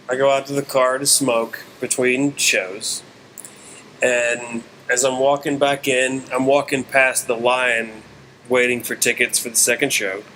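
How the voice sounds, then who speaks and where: Bright-voiced man telling a story. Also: medium pitch, slight background noise. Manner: animated storyteller, voice jumps up when acting out his own shouting. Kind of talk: casual podcast chat.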